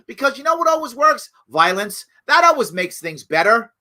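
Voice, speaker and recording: Middle-aged guy ranting on his live show, pitch all over the place, bright edgy voice. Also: big pitch swings, moderate pace. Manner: emphatic and preachy, jumps from loud outrage to low hushed pleas. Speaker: host of a live talk show. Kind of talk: impassioned solo commentary.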